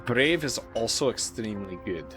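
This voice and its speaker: A man's voice: on the low side, expressive, normal speed, music in the background. A man streaming a strategy game live, reading its event text aloud and dropping wry asides to his chat. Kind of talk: live gameplay commentary.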